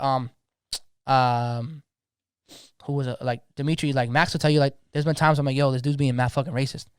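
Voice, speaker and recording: A man's voice: mid-range voice, smooth, no room sound, clean studio sound. A young man, talking passionately in a slangy, casual podcast conversation, often repeating words as he gets going. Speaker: DJ guest.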